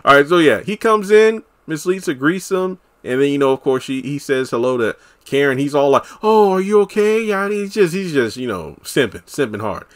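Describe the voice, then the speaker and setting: A man casually recapping a TV episode as a solo reviewer, chatty and animated, acting out characters' lines. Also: medium pitch, moderate pace, hardly any pauses. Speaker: TV show reviewer.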